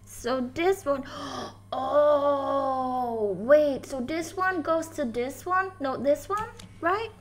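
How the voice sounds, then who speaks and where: High-pitched, excitable woman streamer. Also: drawn-out words, hardly any pauses, a little hiss or hum. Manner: excitable, giggly, yelps when startled. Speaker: game streamer. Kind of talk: live gameplay commentary, chatting with viewers.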